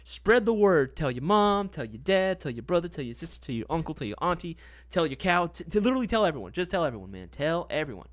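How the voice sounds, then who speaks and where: A man's voice: a little high, very animated, fast talker, no echo. A young man hosting a casual live stream, talking in a laid-back, slangy way and often tagging on "right?" and "man". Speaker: livestream host.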